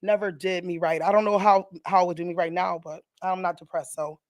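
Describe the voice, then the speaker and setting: A woman's voice: on the low side, steady tone, brisk, no room sound. A woman radio host with a Southern US accent, talking in a casual, emotional way and laughing easily. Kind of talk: casual talk radio chat.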